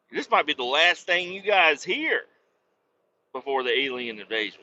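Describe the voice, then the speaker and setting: A man's voice: on the high side, sharp tone, muffled recording. A man hosting a podcast from his truck cab, rambling and joking with lots of swearing in a casual monologue. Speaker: podcast host. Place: truck cab while driving.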